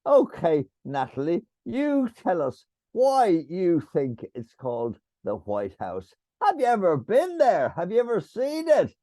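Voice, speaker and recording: An older Irish man hosts a club meeting with a high, wildly swinging voice. He speaks slowly and theatrically, teasing the crowd. His tone is mellow and the sound is dry. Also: no room sound. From Ireland. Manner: theatrical, booming, teasing the audience. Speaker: meeting host. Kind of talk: lively meeting hosting.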